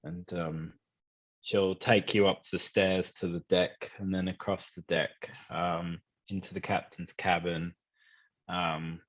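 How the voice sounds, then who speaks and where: Husky male game master, dull recording. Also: low voice, level tone. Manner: halting, many fillers and restarts. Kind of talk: narrating a tabletop game. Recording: dull lo-fi sound.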